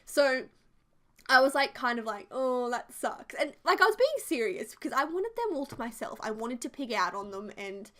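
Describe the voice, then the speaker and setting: A young woman in her twenties tells a rambling personal story in a casual, chatty way. Her voice sits a little high, and she fills her sentences with "like" as she goes. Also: moderate pace. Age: 20s. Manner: chatty and animated, heavy use of "like". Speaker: video creator. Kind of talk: casual storytelling over a build video.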